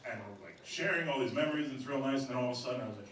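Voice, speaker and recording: A man's voice: mid-range voice, expressive, racing, a bit bright. A young man doing stand-up, telling a long story loosely with many fillers, on stage before a crowd. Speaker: stand-up comedian. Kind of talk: stand-up set. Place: comedy club stage before a laughing crowd. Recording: very echoey, noisy club from a distance.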